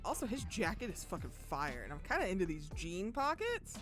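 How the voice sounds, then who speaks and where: A woman streaming a game, chatting casually, playful and excitable with plenty of swearing. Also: lowish voice, moderate pace, few pauses, faint music behind. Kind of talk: casual gameplay commentary.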